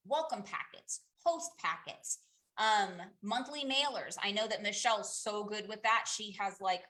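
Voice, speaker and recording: Bright-voiced chatty woman coaching her team. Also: medium pitch. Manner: chatty, candid, many fillers and restarts. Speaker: direct sales team leader. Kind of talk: casual group coaching call.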